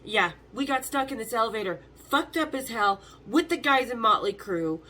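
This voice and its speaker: This fifties-aged woman, the host, spins casual, lively stories full of swearing and impersonations of the people in them. Her voice is a little high and her pace moderate.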